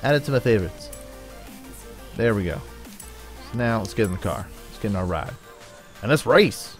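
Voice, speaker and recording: A man's voice: on the low side, animated, normal speed. A man giving playful let's-play commentary on a racing game, joking with his viewers and talking back to the game. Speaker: gaming YouTuber. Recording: game music and car sounds behind. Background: game music and engine noise.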